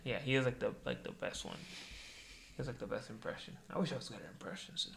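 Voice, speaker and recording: Gravelly young man, slangy chat. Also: mid-range voice, fast, fairly bright tone, a little hiss or hum. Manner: slangy, joking, swears a lot. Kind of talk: casual chat.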